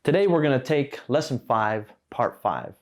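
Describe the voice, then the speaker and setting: A man teaching an Arabic lesson, explaining patiently, slowing down and repeating words as he goes. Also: mid-range voice, expressive. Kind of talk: classroom lesson at a whiteboard.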